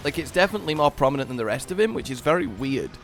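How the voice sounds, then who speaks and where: A man's voice: on the high side, big pitch swings, racing, fairly bright tone, soft background music. A man co-hosting a gameplay video, chatting casually in a rambling way and laughing easily. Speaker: gameplay co-host. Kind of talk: casual gaming commentary.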